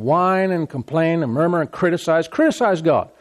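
A man delivers a lively sermon, repeating his verse references again and again. His voice sits a little high for a man, and he jumps between reading scripture and teasing the congregation. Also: normal speed. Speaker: pastor.

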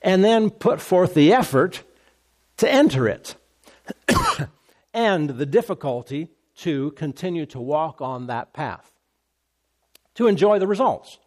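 A man's voice: fairly high pitch, sing-song, slow, pauses often. A man preaching a sermon as a pastor, in a conversational tone, repeating phrases and asking the congregation "Amen?".

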